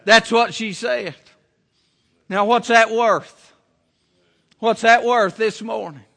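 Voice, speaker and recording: High-pitched, bright-voiced preacher man. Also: steady tone, takes it slowly, gravelly. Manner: folksy, down-home preaching with repeated phrases. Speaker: pastor. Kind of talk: sermon.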